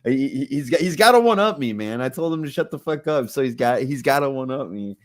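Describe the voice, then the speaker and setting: A man's voice: mid-range voice, fairly quick. Rowdy, profane male stream host. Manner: profane, loud, laughing, prone to shouting outbursts. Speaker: podcast host. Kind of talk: casual livestream chat.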